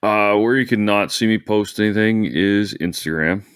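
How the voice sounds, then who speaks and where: A male podcast guest with a deep, smooth voice, recorded close and dry. He talks in a laid-back, joking way. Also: normal speed, fairly bright tone, no room sound. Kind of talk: casual podcast chat.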